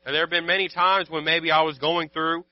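A man's voice: on the high side, little pitch movement, a little fast. A man preaching a sermon in an earnest, repetitive way, with frequent restarts and fillers. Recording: dull lo-fi sound.

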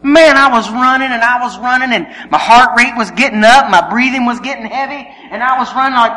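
A man preaching, telling a funny story with shouted exclamations and quiet asides. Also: very high-pitched, brisk, few pauses. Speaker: pastor. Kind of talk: sermon with humorous personal story. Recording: long hall reverb, faint hum.

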